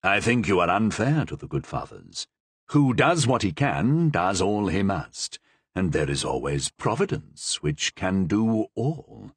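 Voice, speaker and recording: A man voicing a shrewd, guarded older male cardinal in a storybook reading, speaking slowly and probingly. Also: fairly low pitch, sing-song, husky, dry recording, exaggerated voice. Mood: measured.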